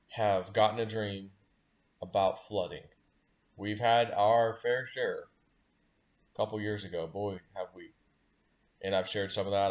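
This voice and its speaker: A man telling his viewers about a dream in a casual, rambling way, restarting phrases and chuckling at himself. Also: on the low side. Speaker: dream-sharing video host. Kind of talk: casual storytelling to camera.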